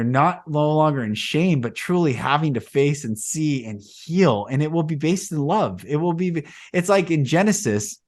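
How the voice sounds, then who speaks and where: Man musing in rambling talk. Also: medium pitch. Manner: rambling storyteller, grows animated when retelling stories. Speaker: podcast host. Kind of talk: casual spiritual conversation.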